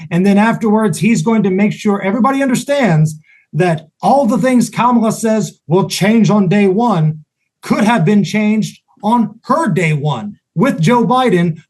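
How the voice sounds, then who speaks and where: A man with a notably high voice hosts a podcast in casual chat. He talks with confidence and punch and throws in folksy turns of phrase. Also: a little mellow. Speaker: podcast host.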